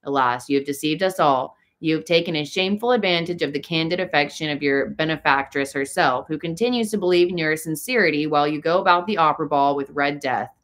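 A woman's voice: deep voice, fast, hardly any pauses, fairly bright tone. Raoul, a woman reading as a jealous young man. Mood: angry. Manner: heated, sarcastic outbursts.

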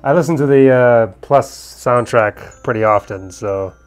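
A man's voice: mid-range voice, a little slow, soft background music. A man casually commenting on a game and reading its dialogue aloud, with joking asides. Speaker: let's-play gamer. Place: at home in Korea.

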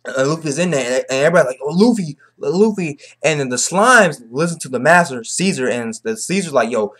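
A young man giving a casual, slang-heavy chapter recap, excitable and repetitive. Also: mid-range voice, fast talker. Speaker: manga reviewer.

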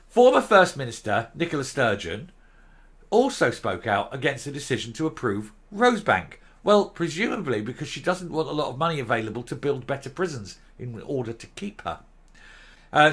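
A slightly high-voiced older man delivers opinion commentary with a scornful, sarcastic bite. His pitch swings widely as he fires off rhetorical questions. The tone stays mocking and animated throughout. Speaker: host.

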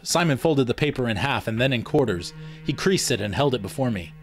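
A man reading first-person fiction aloud in a measured storytelling manner. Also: medium pitch, animated, faint music behind. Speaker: audiobook reader. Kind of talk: scripted first-person novel narration.

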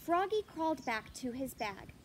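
A woman reading a children's picture book aloud, animated and asking the listener questions. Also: sits high, normal speed, a little hiss or hum. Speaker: storyteller.

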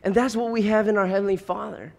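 With a long reverb tail like a large hall, a pastor in his thirties preaches fast in a high, bright-edged voice with a steady tone and vocal fry. He's earnest and pressing, often doubling words as he works toward a point in his sermon.

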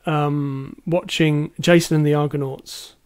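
Male podcast co-host, fairly high voice, hesitant but enthusiastic, casual talk. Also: steady tone, measured pace, clean tone. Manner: hesitant, many ums, enthusiastic. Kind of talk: casual film discussion.

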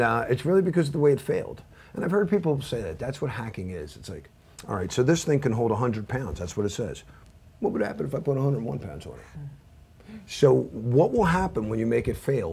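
Man in his fifties, security instructor, gravelly voice, husky tone, chatty anecdotal lecture with fillers. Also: medium pitch, a little mellow. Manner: rambling anecdotal, self-deprecating, many fillers and restarts. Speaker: cybersecurity instructor. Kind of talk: informal training lecture.

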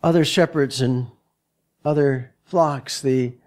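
A male pastor giving a sermon in a church, halting and repeating words as he searches for his phrasing. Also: mid-range voice, steady tone, a little mellow. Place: church sanctuary.

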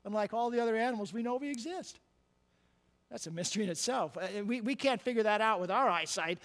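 A male pastor preaching a conversational sermon, repeating words and checking in with "right?", moving between quiet and loud emphatic passages. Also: high-pitched, animated, quick pace, long reverb tail. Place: church sanctuary.

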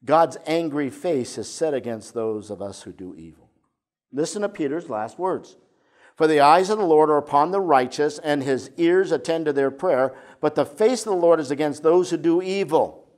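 Expressive older male pastor preaching. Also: on the high side, moderate pace. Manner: expressive preaching, drops to soft intimate tones. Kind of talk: sermon.

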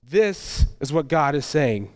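A man's voice: fairly high pitch, very animated, slow pace, darkish tone. Man preaching a casual, conversational sermon. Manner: conversational preaching with frequent restarts and acted asides. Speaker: pastor.

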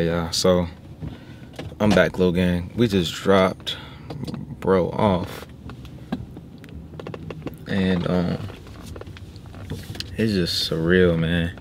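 A young man from Little Rock, Arkansas, talking casually and reflectively to his viewers as a vlogger, with slang. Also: sits low. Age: 20s. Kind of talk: casual vlog talk to viewers. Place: inside a car. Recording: noisy car interior.

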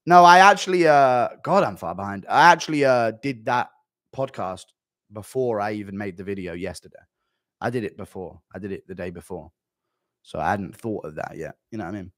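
A man streaming live and reading chat messages aloud, crude and deadpan with mumbled asides. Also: fairly low pitch, moderate pace, no room sound, studio quality.

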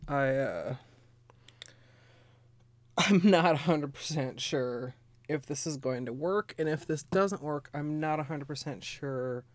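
A woman streaming nail art, chatting casually and ramblingly with viewers while a bit under the weather, clearing her throat now and then. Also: low voice, takes it slowly, long pauses, dry recording. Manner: rambling, chatty, greets viewers, frequent laughs and fillers. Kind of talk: casual livestream chat.

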